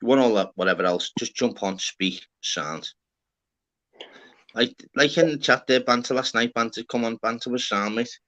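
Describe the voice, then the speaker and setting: A young man with a Liverpool accent, hosting a casual livestream with loud, swearing banter. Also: medium pitch, moderate pace. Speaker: livestream host.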